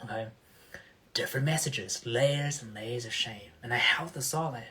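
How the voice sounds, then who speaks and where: A man's voice: medium pitch, moderate pace, pushed and bright, slight background noise. A man hosting a motivational livestream as a coach, speaking emphatically and often checking in with his listeners.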